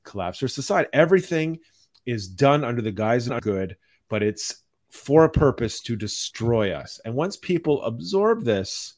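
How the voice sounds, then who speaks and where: A man hosts a casual podcast chat at a mid pitch. He rants in a calm, mild-mannered way. His delivery stays even rather than heated. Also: normal speed. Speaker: podcast host.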